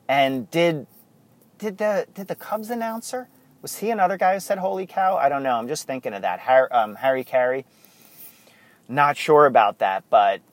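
Rambling man with a lively voice. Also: medium pitch. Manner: rambling, goes off on tangents. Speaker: podcast host. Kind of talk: casual chat.

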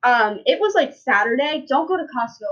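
A woman's voice: sits high, animated, normal speed. A young woman hosting a casual podcast, telling rambling stories full of fillers and restarts. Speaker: podcast host. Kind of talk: casual chat. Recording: dull lo-fi sound.

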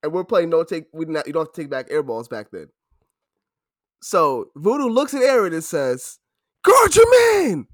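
A man in his twenties telling stories in a casual chat, animated and laughing, breaking into loud impressions. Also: on the high side, moderate pace, dry recording, studio quality. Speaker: podcast co-host.

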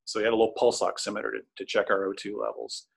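A man's voice: on the low side, little pitch movement, racing, vocal fry, slightly rough. A man casually recounting a personal story, rambling with plenty of fillers and restarts. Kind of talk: casual spoken recollection.

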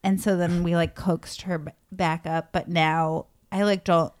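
A woman's voice: lowish voice, level tone, a little slow. A woman hosting a casual chat, talking in a loose, laughing way full of fillers. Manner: chatty, filler-heavy, laughing. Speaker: host.

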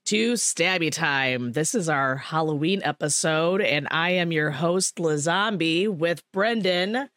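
A woman hosting a podcast, telling a rambling, animated story in casual chat, with swearing and laughter. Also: sits low, slow, hardly any pauses, dry recording, studio quality. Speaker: podcast host.

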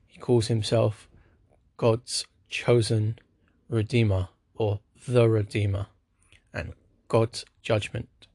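A man's voice: fairly low pitch, level tone, takes it slowly, long pauses, darkish tone, dry recording. A man giving a casual spoken recap of a wrestling show, with dry, sarcastic asides.

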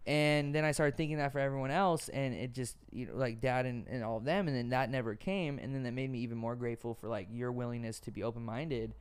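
A man's voice: medium pitch, quick pace, hardly any pauses, clear, resonant tone. A young man hosting a casual podcast, telling earnest stories peppered with swearing. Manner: earnest, profane storytelling. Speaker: podcast host.

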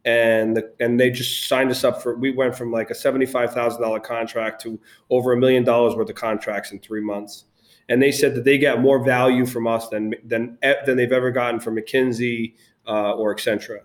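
A man, founder of an agency, telling animated stories as a guest in a casual interview, with frequent restarts. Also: mid-range voice, moderate pace.

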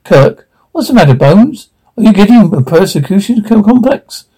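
A steady male starship captain, read aloud by a man in a halting, unpolished delivery. His voice is slightly high, gravelly and mellow. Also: exaggerated voice, poor audio. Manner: plain, halting script reading.

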